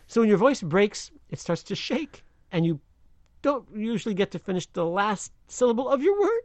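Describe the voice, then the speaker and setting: Man, slang expert guest, animated explaining, very lively pitch, dry close sound. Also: normal speed, no room sound. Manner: animated, explanatory, chuckles often. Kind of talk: explaining idioms on radio. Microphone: remote line from another city.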